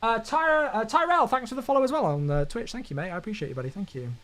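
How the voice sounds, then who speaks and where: A man's voice: high voice, lively intonation, quick pace, a bit bright. A man streaming a flight simulator, chatting casually with viewers, thanking them and joking to himself.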